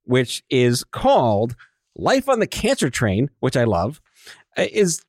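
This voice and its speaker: A man's voice: medium pitch, huge pitch swings, slow pace, darkish tone, no room sound, studio quality. A man hosting a casual radio interview, joking and teasing his guest. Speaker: radio host.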